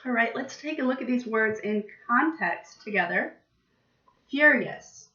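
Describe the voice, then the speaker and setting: A young woman teaching vocabulary to small children, speaking slowly and with exaggerated emphasis. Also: a little high, animated, pushed and bright. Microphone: laptop webcam. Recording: distant, roomy, dull webcam audio.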